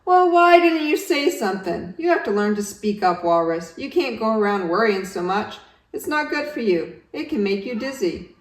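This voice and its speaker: A woman voicing a cheerful, self-important yak taxi driver who never stops talking, rattling on fast and loud. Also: very animated, lightly acted. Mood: chattering. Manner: rattles on fast, loud and high-pitched, barely pausing. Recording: roomy, distant home recording.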